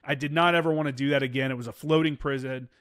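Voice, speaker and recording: A man's voice: medium pitch, fairly even intonation, fast, a bit bright, no room sound, clean studio sound. A man in his thirties, a former Marine, telling war stories casually in an interview, swearing freely and acting out quoted dialogue. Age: 30s.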